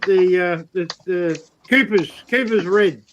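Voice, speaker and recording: High-voiced Australian man, noisy line. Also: unhurried, muffled recording. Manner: sweary, matey, laughing easily. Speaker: guest. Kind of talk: casual live-stream chat. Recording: noisy live-stream audio.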